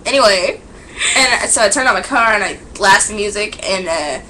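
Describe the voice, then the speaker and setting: A woman vlogger telling a rambling made-up story, acting out the quotes with loud outbursts. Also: mid-range voice, expressive, moderate pace, slight background noise, poor audio.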